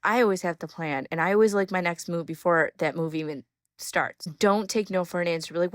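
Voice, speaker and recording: Mom hosting a podcast, lowish voice, dead dry close mic, talks straight and coaches you. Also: female voice, no echo. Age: young adult or middle-aged mom. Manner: direct, coaching, repeats key phrases slowly. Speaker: podcast host. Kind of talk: solo podcast advice talk.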